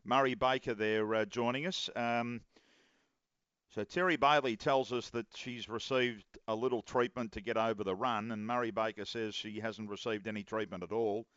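Chatty radio host, smooth voice. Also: male voice, on the low side, normal speed, no echo, muffled recording. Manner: relaxed, chatty, calls guest "mate". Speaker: radio racing show host. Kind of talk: live radio interview.

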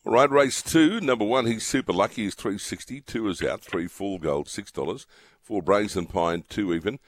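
A man, a radio host, briskly reading out the betting odds for each race. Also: fairly low pitch. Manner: brisk, matter-of-fact listing.

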